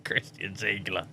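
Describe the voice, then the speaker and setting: A man's voice: on the low side, pushed and bright, breathy edge. A man chatting casually on a live stream as he plays a farming game, muttering, joking and swearing. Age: adult.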